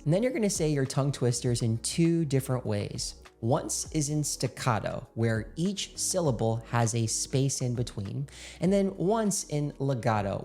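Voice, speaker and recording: A man's voice: mid-range voice, gravelly, mellow. A man coaching viewers through speaking exercises in an upbeat instructional talk, demonstrating drills aloud. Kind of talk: direct-to-camera instructional talk.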